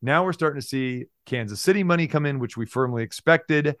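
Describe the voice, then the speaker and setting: A man, a sports handicapping radio host, chatting as a guest on a podcast, lively and exuberant, sometimes breaking into loud playful shouting. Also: a little high, brisk, dry recording, clean studio sound. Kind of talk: casual podcast chat.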